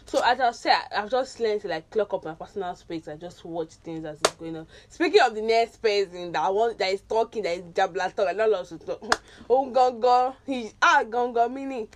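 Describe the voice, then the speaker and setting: A woman's voice: medium pitch, fairly quick, hardly any pauses, noisy background. A young woman co-hosting a casual podcast chat with her sisters, laughing and mixing in pidgin. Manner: laughing, animated, mixes pidgin. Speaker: podcast co-host.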